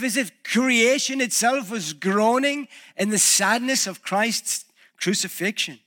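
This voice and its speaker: A male pastor preaching a reflective sermon, pausing and restarting as he thinks aloud. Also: sits high, bright, forceful tone.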